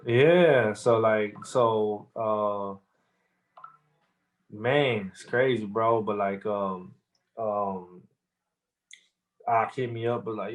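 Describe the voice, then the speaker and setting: A man's voice: fairly low pitch, slow, long pauses. Guy on a podcast rambling thru a story, tons of slang and fillers. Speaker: rapper guest. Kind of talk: casual interview storytelling.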